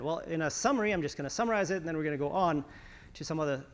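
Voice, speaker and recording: A man's voice: on the high side, expressive, racing. A man preaching a conversational sermon as pastor, with frequent restarts and some sarcasm.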